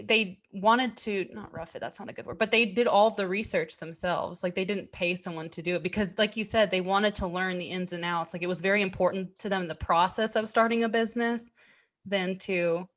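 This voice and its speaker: A woman's voice: mid-range voice, a bit bright. A woman co-hosting a podcast who talks casually, restarting her sentences and searching for words. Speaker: podcast co-host.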